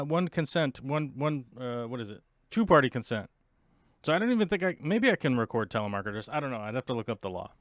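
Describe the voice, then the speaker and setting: A rambling man chatting casually as a show host, his voice smooth and resonant. The sound is dry and close, with no room around it. He drifts between topics and pokes fun at himself. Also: mid-range voice, no echo. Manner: rambling, chatty, self-mocking. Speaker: podcast host. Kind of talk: casual livestream chat.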